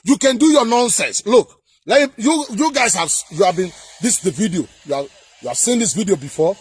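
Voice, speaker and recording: A man delivering heated political commentary in a vlog, emphatic and sing-song, often breaking into shouts. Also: high-pitched, animated, fairly quick, husky, no room sound.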